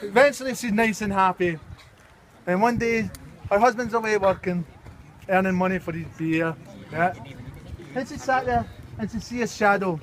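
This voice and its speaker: A man's voice: sits high, moderate pace, long pauses. A man telling a folk tale to a group in a casual, joking way, checking in with listeners often. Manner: joking, playful, checks in with the audience. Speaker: storyteller at a team event. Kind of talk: casual storytelling. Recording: crowd chatter outdoors.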